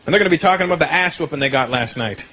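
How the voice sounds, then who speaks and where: A man performing a stand-up comedy routine on stage, animated and conversational, building to punchlines. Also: a little high, racing. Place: comedy stage before a live audience. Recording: live show, loud audience laughter and noise.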